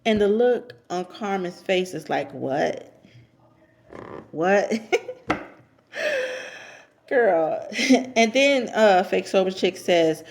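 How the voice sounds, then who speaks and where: A woman casually recapping a reality show episode, chatty and repeating herself for emphasis, and she steers clear of cursing. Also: mid-range voice, animated, slow. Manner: avoids cursing.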